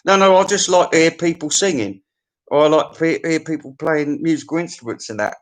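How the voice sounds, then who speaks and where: A man's voice: on the high side, brisk. A man, hosting a music countdown in a rambling, opinionated comic monologue full of swearing, restarts and stammers.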